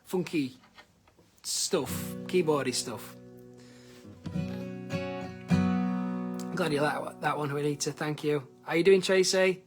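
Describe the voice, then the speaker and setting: A man's voice: a little high, slow, long pauses. A man, a singer-songwriter, chatting casually with viewers on a live stream from his living room, greeting people by name with plenty of ums. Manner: chatty, reads out viewer names, hesitant with many ums. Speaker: singer-songwriter and livestream host. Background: guitar.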